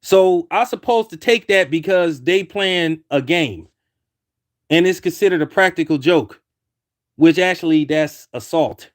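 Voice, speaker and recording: A man's voice: on the high side, measured pace. A man giving a heated opinion commentary, repeating himself and restarting lines as he argues his point. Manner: heated, repetitive, many restarts.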